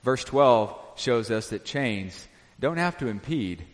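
A male pastor preaching a sermon in a church, emphatic and then dropping to quiet intensity at the ends of phrases. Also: medium pitch, expressive, slow. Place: church sanctuary. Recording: long hall reverb.

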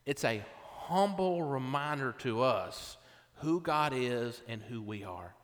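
A man's voice: mid-range voice, animated, takes it slowly. A middle-aged male pastor preaching a sermon in a casual, conversational way, often checking in with "right?". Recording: long reverb of a hall.

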